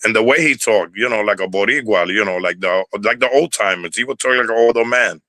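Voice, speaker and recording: In a rough, echo-free recording, an older Bronx man with a New York Puerto Rican accent, a former dancer, tells stories in a casual interview. His lowish voice is fairly quick, pushed and bright, and he rambles, repeats words, and swears freely.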